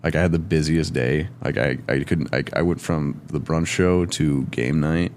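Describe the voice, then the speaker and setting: A young man, a comedian guest, chatting casually on a podcast in a dry, deadpan, low-energy way. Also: moderate pace, a little hiss or hum.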